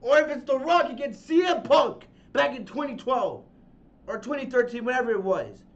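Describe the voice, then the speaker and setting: A man hosting a wrestling review podcast, ranting angrily with shouting, exasperated questions and profanity. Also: very high voice, expressive, moderate pace. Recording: dull lo-fi sound.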